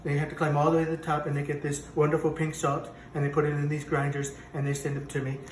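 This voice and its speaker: A man's voice: fairly high pitch, completely flat delivery, quick pace, a little hiss or hum, lightly acted. A man playing a boastful, rambling president who hosts a cooking show in a comic parody, talking in a kitchen. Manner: bragging, rambling, self-contradicting. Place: home kitchen. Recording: echoey kitchen, mic from a distance.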